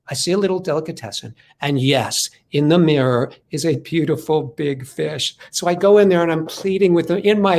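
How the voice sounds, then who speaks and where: A middle-aged man telling a story as a motivational speaker, acting out the voices he quotes. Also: a little high. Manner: animated, acts out quoted voices. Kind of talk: storytelling talk.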